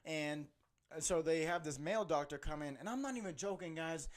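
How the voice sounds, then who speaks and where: A young man hosting a podcast, telling an animated story with lots of laughing and "bro". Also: fairly high pitch, normal speed. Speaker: podcast host. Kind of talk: casual storytelling chat.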